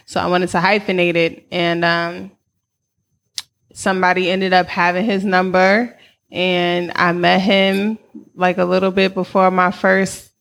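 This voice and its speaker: A woman's voice: fairly low pitch, little pitch movement, measured pace, creaky, fairly bright tone. A woman in her thirties with a New York accent, telling her story as a guest in a casual interview, candid and slangy, laughing often.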